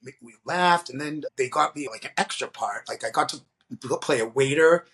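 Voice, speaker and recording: A middle-aged man from the Boston area, a guest drag performer, telling animated stories and acting out the voices of the people in them. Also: medium pitch, normal speed. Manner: animated storyteller, acts out quoted voices. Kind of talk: storytelling interview.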